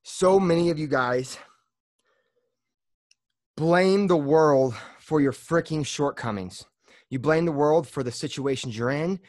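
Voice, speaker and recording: A man's voice: on the high side, no room sound, clean studio sound. A man hosting his own podcast, talking bluntly in a fired-up motivational monologue and swearing freely, a little out of breath after a workout. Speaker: podcast host.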